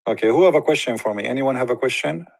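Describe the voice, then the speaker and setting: A man's voice: medium pitch, quick pace, creaky, darkish tone, no room sound. A man hosting a live online debate, talking in a mocking, emphatic way and repeating his points. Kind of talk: live call-in debate talk.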